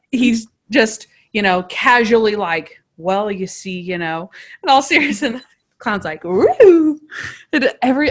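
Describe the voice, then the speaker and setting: A woman guest co-hosting a podcast, chatting casually and acting out lines as she retells scenes. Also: on the high side. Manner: animated storytelling, acts out characters' lines. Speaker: guest co-host.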